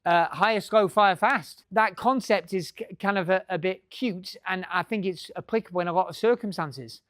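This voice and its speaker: A man's voice: sits high, moderate pace, fairly bright tone, dry recording, clean studio sound. A middle-aged man giving a business talk to a live audience, joking and swearing freely. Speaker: business speaker.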